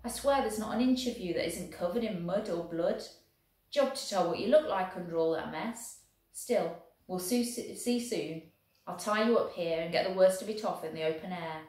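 A woman voicing a gentle, devoted young male soldier who talks soothingly to a horse. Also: lowish voice, moderate pace, natural voice. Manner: soft, soothing talk to a horse. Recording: very echoey room.

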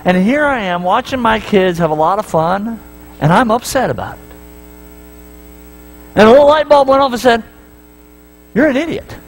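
High-voiced preacher telling animated stories. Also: male voice, moderate pace, pauses often, low-quality recording. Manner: animated storytelling, acting out voices with big swings in pitch; talks straight to the congregation with repeated questions. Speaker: pastor. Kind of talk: sermon. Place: church sanctuary.

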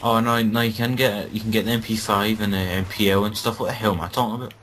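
Bright-voiced Scottish man joking. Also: on the low side, steady tone, quick pace, slight background noise, low-quality recording. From Scotland. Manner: joking, sarcastic banter. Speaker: gaming commentator. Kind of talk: casual gameplay chat.

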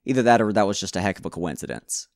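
A man's voice: fairly low pitch, lively intonation, racing, creaky, no room sound, studio quality. A man casually commentating his own gameplay, rambling and talking to himself, with frequent stammered restarts and jokey self-mocking asides. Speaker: gaming channel host.

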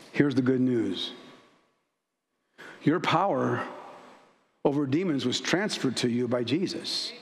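A man's voice: sits high, slight background noise. A male pastor preaching a sermon, emphatic and storytelling, acting out scenes as he goes. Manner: emphatic, storytelling with acted asides. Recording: echoey church hall.

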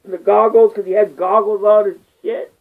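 A man's voice: high-pitched, level tone, moderate pace, vocal fry. A man vlogger delivering a rambling, profane rant, crude and full of filler curses. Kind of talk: profane ranting monologue. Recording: tinny phone-like lo-fi audio.

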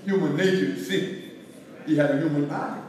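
A man's voice: on the high side, fairly quick, a little mellow. A man pastor teaching a Bible study, preaching in a repetitive, rising and falling cadence. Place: church hall. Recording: echoey hall, from far off.

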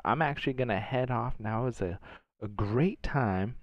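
A man giving excitable gameplay commentary, shouting reactions and trading playful trash talk. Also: mid-range voice, normal speed, no room sound, muffled recording. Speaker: gaming channel host.

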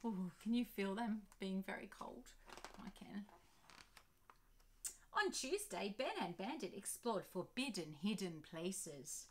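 Animated woman reading to children. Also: medium pitch, takes it slowly, slight background noise. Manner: animated, asking listeners questions. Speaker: picture-book author reading aloud.

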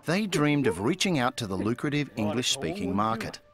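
A man giving scripted documentary narration in a clear, storytelling way. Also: mid-range voice, very animated, a little fast. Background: music.

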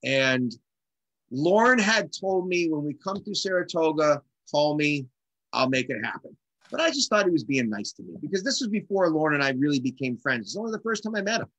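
A middle-aged man, a drummer, telling a story in casual conversation and acting out the quotes with animated energy. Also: on the high side, brisk, dry recording, poor audio. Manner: animated, acts out quotes in lively voices. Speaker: guest drummer.

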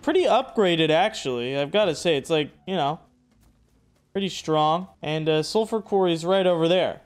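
A young man giving casual, excitable commentary over his own survival game playthrough, loose and slangy. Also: a little high, moderate pace, clear, resonant tone. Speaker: gaming YouTuber. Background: background music.

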